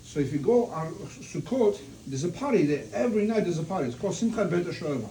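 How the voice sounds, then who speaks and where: A man's voice: sits high, lively intonation, quick pace, mellow. A man giving an informal religious talk at a family gathering, telling stories and asking rhetorical questions. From Russia. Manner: storytelling, restarts and rhetorical questions. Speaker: family member giving a eulogy. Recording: distant mic with faint room noise.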